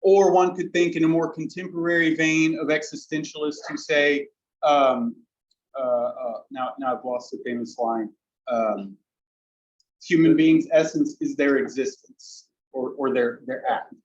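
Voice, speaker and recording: A man lectures on philosophy in a fairly high voice, building his argument in long, winding sentences and pressing hard on the points he cares about. He often stops to correct himself mid-phrase. The recording is dull and lo-fi. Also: fairly even intonation, unhurried. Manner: discursive, self-correcting, emphatic. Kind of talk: academic talk to an audience.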